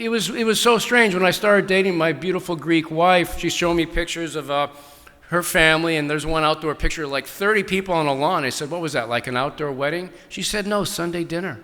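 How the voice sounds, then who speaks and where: A man's voice: on the high side, pushed and bright. Rambling older man in an echoey hall. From New England. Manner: rambling, enthusiastic, many restarts. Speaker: author at book festival Q&A. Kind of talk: casual audience Q&A. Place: large hall.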